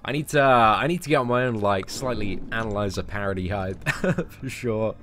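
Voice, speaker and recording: A man chatting excitedly and casually on a live game stream. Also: fairly low pitch, moderate pace, slight background noise.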